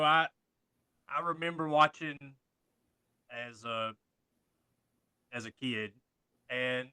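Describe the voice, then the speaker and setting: A man's voice: mid-range voice, bright, forceful tone, smooth, dry recording, low-quality recording. A man hosting a podcast as a coach, asking casual, hesitant questions with many fillers.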